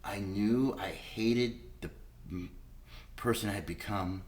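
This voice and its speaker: A man's voice: lowish voice, slow. A middle-aged man giving a candid personal testimony, blunt and unpolished, with frequent swearing, re-enacting past conversations as he talks. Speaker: speaker telling his recovery story.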